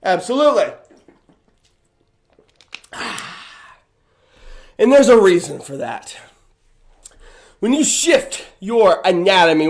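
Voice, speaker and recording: A man with a high-pitched voice hosts a hyped-up motivational livestream. He talks with bursting energy, repeats chants over and over, and coaches his viewers through arm swings and stretches. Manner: energetic, hype, repetitive chants, leads viewers in movement.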